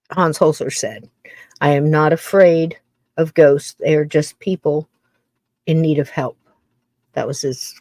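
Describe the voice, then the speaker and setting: A woman's voice: lowish voice, a little mellow, no echo. An older woman hosting a podcast, musing in a casual, rambling monologue full of restarts. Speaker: podcast host.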